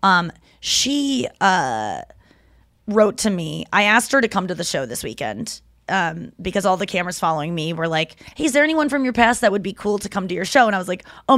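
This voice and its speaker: A woman's voice: medium pitch, no room sound, studio quality. A woman hosting a podcast, telling stories in casual chat, acting out the people she quotes and swearing freely. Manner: animated storyteller, acts out quotes. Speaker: podcast host.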